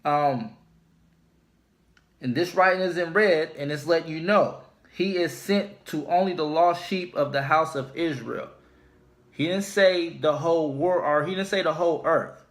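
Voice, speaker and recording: A man teaching scripture informally, speaking deliberately and repeating his key points for emphasis. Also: fairly high pitch. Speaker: religious teacher.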